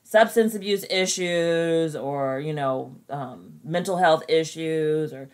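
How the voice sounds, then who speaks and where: Woman podcast co-host, very low voice, wry comments between laughs. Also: slow pace, darkish tone. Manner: wry quips and frequent laughter. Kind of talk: casual true crime chat.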